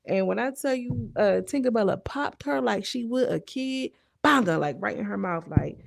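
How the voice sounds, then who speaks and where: A young woman talks through a reality episode in loose, slang-filled chat, stopping often to check that the listener follows. Her voice has a gravelly, frying edge. The sound is close and dry, with no room around it. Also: medium pitch, animated, moderate pace, dry recording. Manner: chatty, slangy, retells scenes with lots of asides. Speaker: reality show recap commentator. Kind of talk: casual recap chat.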